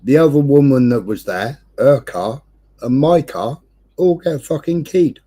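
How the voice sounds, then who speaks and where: A man, hosting a livestream and telling a neighbourhood story in casual chat, swearing nonstop with animated delivery. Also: mid-range voice, unhurried, breathy edge. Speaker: livestream host. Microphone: streaming setup.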